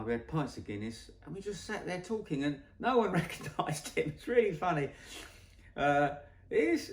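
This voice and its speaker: A man, a photographer, telling a rambling anecdote and correcting himself as he goes. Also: fairly high pitch. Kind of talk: storytelling anecdote. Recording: roomy echo.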